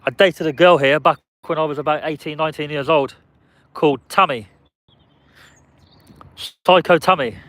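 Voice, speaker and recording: Man, casual live-stream chat, slightly higher voice, chatty, answering viewer comments, parked car. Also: normal speed, pauses often, a bit bright, no room sound. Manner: playfully guesses passers-by's names.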